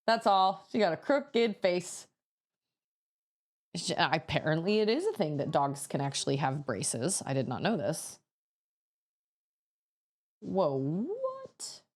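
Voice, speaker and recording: A woman in her thirties with a low-pitched, animated voice chats unhurriedly as a streamer while building something. She laughs a lot and bursts into sudden exclamations.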